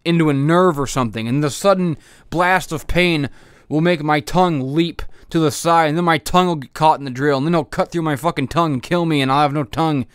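A man's voice: on the high side, a little fast, smooth, dry recording, clean studio sound. A man hosting a podcast, ranting angrily and profanely with half his face numb after dental work. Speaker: podcast host. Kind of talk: angry comedic rant.

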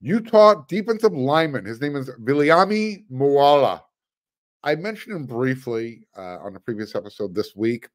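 This man hosts a sports podcast in a mid-range voice, animated and at normal speed. His casual commentary is chatty, full of fillers and frequent restarts, with dry sarcastic asides.

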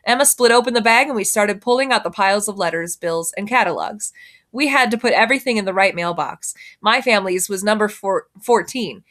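A woman reading a children's novel aloud in a gentle, even storytelling manner. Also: mid-range voice, fairly quick. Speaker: reader.

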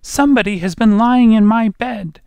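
A man voicing a tiny male bear cub with a sharp, shrill voice in a storybook reading. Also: moderate pace, vocal fry, smooth, no echo. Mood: indignant.

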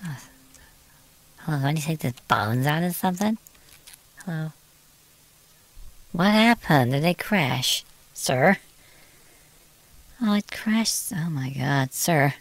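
British lady streaming a game, really deep voice, chatty and muttery. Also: normal speed, pauses often, no echo. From Britain. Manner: chatty, exclaiming, muttering to herself. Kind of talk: casual gameplay commentary.

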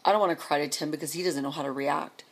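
Middle-aged woman vlogger, breathy and lowish, venting in a sarcastic, rambling rant. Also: steady tone, fast.

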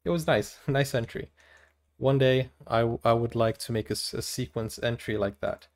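Man, casual movie reaction host, chatty, laughs a lot, animated bursts. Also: medium pitch, normal speed. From Brazil. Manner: chatty, giggly, animated exclamations.

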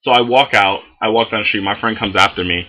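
Give me a young man with a very bright, husky voice, ranting through a story on his vlog. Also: lowish voice, fast talker, rough recording. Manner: animated, heavy swearing, lots of fillers. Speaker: vlogger.

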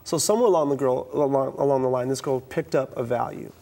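A gravelly-voiced, middle-aged East Coast man who works as a youth speaker tells stories fast in a talk-show interview. His pitch is ordinary for a man, and he animatedly performs the dialogue while frequently restarting his sentences.

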